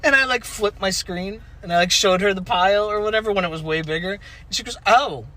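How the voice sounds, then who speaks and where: A man hosting a podcast in casual chat from a parked car, excitable, laughing often and swearing freely. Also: high voice, brisk. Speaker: podcast host.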